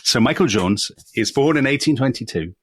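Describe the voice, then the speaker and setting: A man's voice: mid-range voice, lively intonation, normal speed, slightly rough, dry recording. An English man co-hosting a history podcast, telling the story in a chatty way with self-deprecating asides. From England. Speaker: co-host. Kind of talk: casual history podcast chat.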